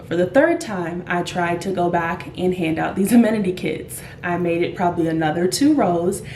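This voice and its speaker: Woman storyteller, mellow voice, lively delivery, roomy room with faint hiss. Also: on the low side, moderate pace. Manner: animated, acts out the people in her story. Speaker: flight attendant. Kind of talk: casual storytime vlog. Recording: echoey room with faint noise.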